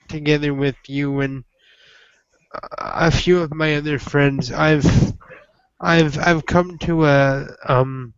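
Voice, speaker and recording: A man's voice: fairly high pitch, smooth, no echo, muffled recording, close to an everyday voice. A man playing a hesitant, stammering young man.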